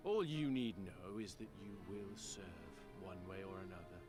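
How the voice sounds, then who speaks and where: An actor playing an arrogant, menacing warlord khan in a game, speaking in a haughty, commanding manner. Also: male voice, low-pitched, expressive, normal speed. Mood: disdainful. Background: game music.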